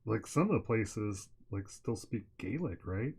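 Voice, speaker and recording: A man's voice: lowish voice, animated, creaky, crowd noise. A man from Ohio, co-hosting a podcast, chatting casually, asking curious questions and telling stories loosely. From Ohio, USA. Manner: curious, quick interjections, loose storytelling. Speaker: podcast co-host. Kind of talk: casual chat.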